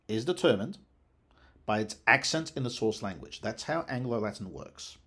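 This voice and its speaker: Husky-voiced man lecturing with animated intonation. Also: mid-range voice. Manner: scholarly, animated explaining with lively intonation. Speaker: lecturer on language history. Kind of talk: explanatory lecture.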